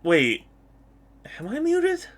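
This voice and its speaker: A man with a high, light voice chats playfully as he opens a game stream, greeting viewers by name and laughing easily. He talks at an unhurried, easygoing pace. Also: huge pitch swings. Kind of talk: casual live-stream chat.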